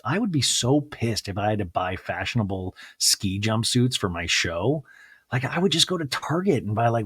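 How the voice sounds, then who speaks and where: A man in his thirties rambles through a solo podcast recap in a mid-pitched, conversational voice. He keeps breaking into high, exaggerated put-on voices to act out what people said. The recording is close and completely dry. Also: slightly rough, no echo. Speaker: podcast host.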